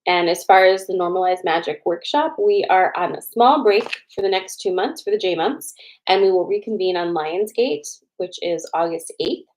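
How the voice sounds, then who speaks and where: Hosting a relaxed livestream, a young adult woman talks with viewers, names them as she greets them, and slowly repeats their choices before the card reading. Her voice is lowish and the recording is low quality.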